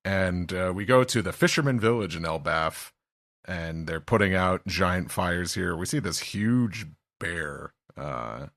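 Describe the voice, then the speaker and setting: A man's voice: deep voice, animated, measured pace, a bit bright, no echo, clean studio sound. A man hosting a podcast, casually recapping a comic chapter scene by scene, with frequent fillers and laughter. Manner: recaps scene by scene, reading quotes aloud with a raised voice. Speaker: podcast host.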